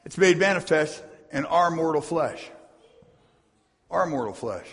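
A male pastor preaches in a high, gravelly voice, reading scripture with fervor and tossing asides to the congregation. His voice carries a long reverb off the walls of a church sanctuary. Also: expressive, a little slow. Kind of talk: sermon.

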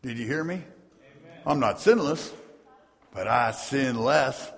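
A man's voice: medium pitch, expressive, takes it slowly, creaky, fairly bright tone. A man preaching a sermon as pastor, reading scripture aloud and tossing asides to his congregation in a church sanctuary. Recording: long hall reverb.

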